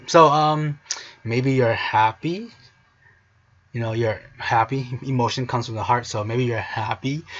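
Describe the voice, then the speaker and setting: A man's voice: medium pitch, fairly bright tone, muffled recording. A man hosting a casual language lesson video, playful and cheesy, sometimes breaking into song. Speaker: language teacher, video host.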